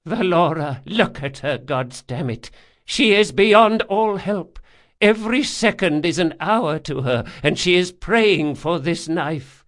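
A man's voice: fairly high pitch, lively intonation, slow, a bit bright, pitched above the performer's own voice. A man voicing an aging, grieving woman scholar who pleads insistently. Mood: urgent pleading.

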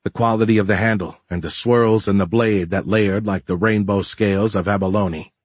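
A man reads an audiobook with a low, husky voice in a steady, even manner. The recording is dry and close, with no room sound. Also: moderate pace, dry recording. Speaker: narrator. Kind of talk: audiobook narration.

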